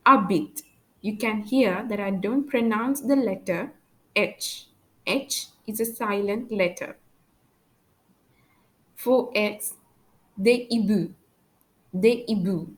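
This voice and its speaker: A woman teaching French, pronouncing letters and words slowly and carefully one at a time. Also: medium pitch, rough recording. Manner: slow, careful letter-by-letter pronunciation. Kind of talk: slow spoken language lesson.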